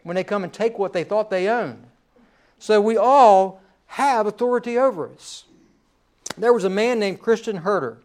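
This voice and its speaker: A man's voice: sits high, normal speed. A male pastor preaching a sermon in a conversational way, often repeating phrases and checking in with "right?".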